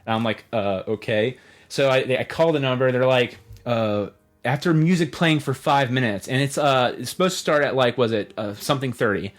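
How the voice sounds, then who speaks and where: A man's voice: medium pitch, a little fast, few pauses. A man hosting a podcast, telling a rambling story in casual chat. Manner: rambling, animated storyteller who acts out quotes. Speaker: podcast host.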